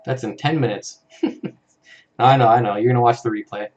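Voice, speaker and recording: Male streamer, mid-pitched, relaxed and chatty, chuckling as he reads out viewer comments. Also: moderate pace, muffled recording. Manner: easygoing, chuckles often, reads comments aloud. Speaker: live-stream host for an aquarium channel. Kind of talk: casual live-stream chat reading viewer comments.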